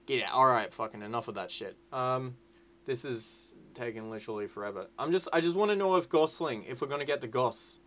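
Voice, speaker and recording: A young man rambles through casual commentary over his gameplay. He is rowdy and sweary, jumping between excitable shouting and low muttering. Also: fairly quick. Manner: rowdy, sweary and excitable, swinging to loud whining outbursts. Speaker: gaming YouTuber. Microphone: desk mic with webcam.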